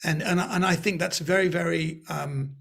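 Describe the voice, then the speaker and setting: A man with a London accent telling stories in a webinar interview, lively and acting out the people he quotes. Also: a little high, moderate pace, gravelly. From Britain. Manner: animated storyteller, acts out quoted voices. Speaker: guest comedian. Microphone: video call.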